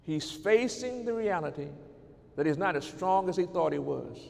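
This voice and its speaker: High-voiced preacher in a reverberant hall. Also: male voice, expressive, normal speed, creaky. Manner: emphatic, addresses the congregation directly, swings between loud and soft. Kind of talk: sermon.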